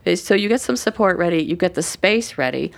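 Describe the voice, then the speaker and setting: Low gravelly woman, coach type, gentle and unhurried, lots of ums. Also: expressive. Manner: gentle, thoughtful, unhurried with frequent fillers. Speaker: forgiveness coach and workshop leader. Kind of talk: relaxed conversational explanation.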